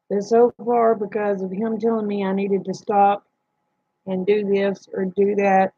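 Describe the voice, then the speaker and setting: Woman, gravelly, husky, dark tone, flat delivery, plain-spoken storytelling, dull lo-fi dry recording. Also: mid-range voice, no echo. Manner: slow, plain-spoken, retells dialogue. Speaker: livestream host. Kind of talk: casual personal storytelling.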